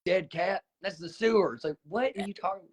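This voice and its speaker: A man's voice: high voice, a little fast, breathy edge. A man hosting a podcast, blunt and profane as he teases his guest and tells his own stories. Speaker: podcast host. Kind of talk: casual podcast chat.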